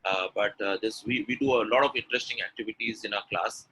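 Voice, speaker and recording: A man's voice: on the low side, fast, a little hiss or hum, poor audio. A man with an Indian English accent, running a live webinar on pronunciation, drilling sounds aloud and urging the audience to type in the chat. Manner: energetic, repeats words, drills sounds aloud, coaxes chat replies. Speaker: spoken English trainer.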